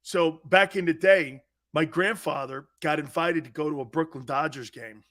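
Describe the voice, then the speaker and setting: A middle-aged man hosting a sports talk show, telling stories loudly and laughing often. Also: on the high side, moderate pace. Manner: loud, laughing, impersonates family in quotes. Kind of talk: animated sports talk storytelling.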